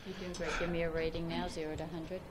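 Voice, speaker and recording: A woman therapist guiding a session with calm, repetitive reassurance and insistent prompting. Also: lowish voice, quick pace, crowd noise. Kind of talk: guided exposure therapy session.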